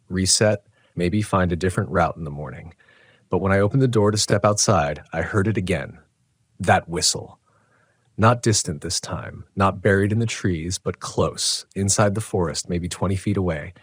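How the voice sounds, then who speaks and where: Measured and tense, a male narrator reads a scripted horror story in a very deep, low, husky voice. It's a dry, close-miked recording with no room at all.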